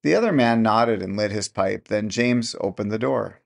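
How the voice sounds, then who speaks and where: Gravelly, low-voiced male storyteller. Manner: measured storytelling delivery. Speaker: audiobook narrator. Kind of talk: scripted narration.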